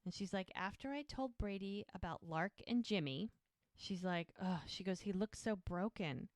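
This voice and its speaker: A woman's voice: medium pitch, normal speed, no room sound, studio quality. A woman co-hosting a podcast, casually retelling TV scenes and acting out the characters' lines. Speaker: podcast co-host. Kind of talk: casual recap chat.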